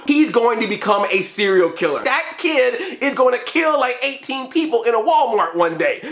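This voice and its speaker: A man giving a comedic movie review, jokey and animated, often slipping in and out of silly voices. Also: very high-pitched, brisk, few pauses, reverberant.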